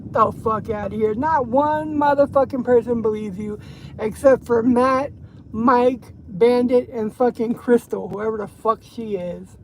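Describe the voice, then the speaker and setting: A woman's voice: fairly high pitch, unhurried, low-quality recording. A woman gossiping on a casual livestream from her car, swearing and rambling as she drives. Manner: profane, rambling, laughing. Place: inside a car, driving. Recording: road noise behind.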